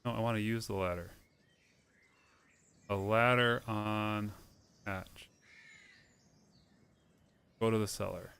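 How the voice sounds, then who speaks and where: A man reading a story game's text aloud and commenting casually as he plays, halting and stumbling now and then. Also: on the low side, fairly even intonation, vocal fry, a bit bright, clean tone. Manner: halting, with fillers and small misreadings. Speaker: let's play host.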